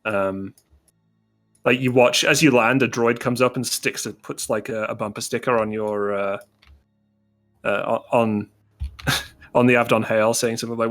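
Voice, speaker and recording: A man narrating as game master of a tabletop game, relaxed and hesitant, with fillers and chuckles. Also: medium pitch, moderate pace, long pauses, faint music behind.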